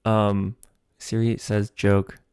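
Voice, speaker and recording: Low-voiced man thinking aloud. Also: level tone, takes it slowly, a little mellow, clean tone, dry recording, studio quality. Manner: hesitant, many ums, reads lines aloud and chuckles. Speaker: comedy sketch writer hosting a livestream. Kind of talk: thinking aloud while writing a sketch.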